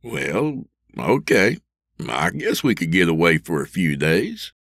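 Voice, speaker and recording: A man's voice: sits low, slow, dry recording, clean studio sound, heavily acted. A man playing a wry, easygoing husband. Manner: relaxed, wry, gently teasing. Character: easygoing middle-aged husband. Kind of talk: audio drama reading.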